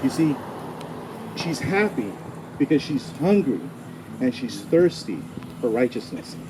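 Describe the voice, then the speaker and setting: A man giving a preacherly speech to a crowd at an outdoor rally, building up to loud calls to act. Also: mid-range voice, big pitch swings, measured pace. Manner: preacherly, rising to loud exhortation. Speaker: speaker at a protest rally. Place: outdoors at a street gathering. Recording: noisy outdoor ambience, passing vehicles.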